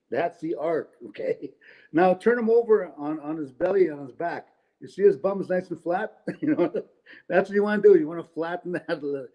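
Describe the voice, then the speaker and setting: A man's voice: a little high, warm tone, rough recording. A middle-aged man from Canada doing rambling stand-up storytelling at home on a webcam, tossing in tag questions and chuckling at his own jokes. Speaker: comedian. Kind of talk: stand-up storytelling for an online event. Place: at home indoors.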